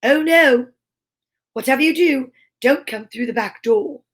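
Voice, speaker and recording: A woman's voice: high voice, unhurried. A woman voicing a clever little pig who taunts the wolf in a storybook reading. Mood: mocking. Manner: mocking.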